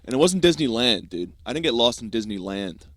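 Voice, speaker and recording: A young man hosting a podcast, telling a comic story in a profane, animated style and acting out quick asides. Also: mid-range voice, no echo, studio quality. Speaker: podcast host. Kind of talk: comedic storytelling monologue.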